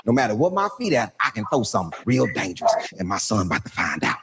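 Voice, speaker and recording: A man's voice: on the low side, quick pace. A middle-aged man telling a comic story about his son, boastful and acting out every line of dialogue. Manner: boastful, animated, acts out dialogue. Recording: noticeable background noise.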